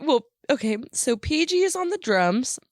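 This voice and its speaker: A woman's voice: sits high, very animated, normal speed, dry recording, studio quality. A woman co-hosting a movie podcast, retelling scenes in easygoing casual chat and laughing often. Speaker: podcast co-host.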